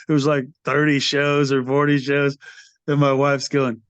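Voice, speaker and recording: This guest, an older metal band singer, talks a little slowly in a medium-pitched, clean voice with no echo. He's an animated storyteller in a casual interview, wandering through anecdotes and performing the voices of people he quotes. The podcast recording comes across muffled and dry.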